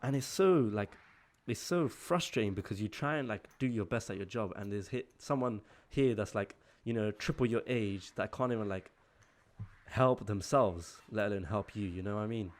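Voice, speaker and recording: A man's voice: on the low side, moderate pace. A man of twenty-two, telling a casual story-time vlog in a chatty, exasperated way, full of "like" fillers. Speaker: vlogger.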